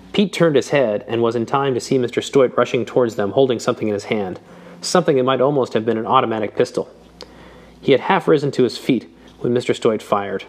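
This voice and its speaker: A male audiobook narrator with a voice of ordinary pitch, reading literary prose at a steady, measured pace. His delivery stays even and composed throughout. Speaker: audiobook reader. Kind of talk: scripted narration.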